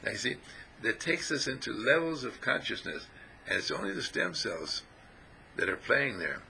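A man giving a rambling spiritual talk to a small group, animated and often laughing as he acts out little scenes. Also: mid-range voice, moderate pace, creaky, slight background noise, low-quality recording. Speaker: spiritual teacher.

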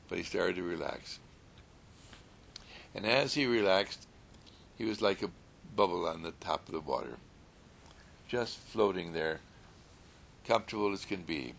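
A man telling a story in a gentle, soothing sermon style, repeating calm affirmations. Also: low-pitched, vocal fry, a little hiss or hum.

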